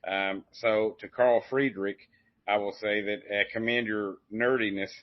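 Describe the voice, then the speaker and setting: In dull, dry lo-fi audio with no echo, a man with a fairly low, steady voice hosts a podcast at a slightly slow pace. His casual chat is rambling and folksy, full of fillers and restarts.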